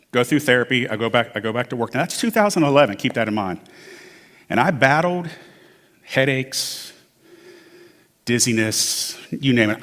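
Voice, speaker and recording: Man telling his story in a reverberant church. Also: medium pitch. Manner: conversational storytelling, acts out quoted dialogue. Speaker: church member giving testimony. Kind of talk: personal testimony to a congregation. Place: church sanctuary. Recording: long hall reverb from a church sanctuary.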